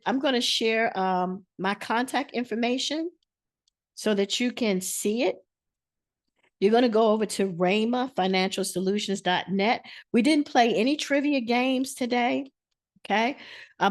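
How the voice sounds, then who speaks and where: A woman with a slightly high voice hosting an online money masterclass over a video call. She speaks in an animated, preacher-like way and drives points home by repeating words. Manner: animated, repetitive, preacher-like emphasis. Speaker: financial educator hosting a masterclass.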